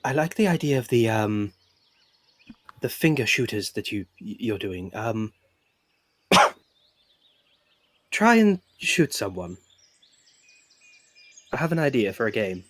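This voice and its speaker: A man's voice: fairly low pitch, big pitch swings, takes it slowly, pauses often, dry recording, full character voice. A man voicing a playful young male rabbit-folk bard with a mischievous, theatrical manner. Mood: conspiratorial.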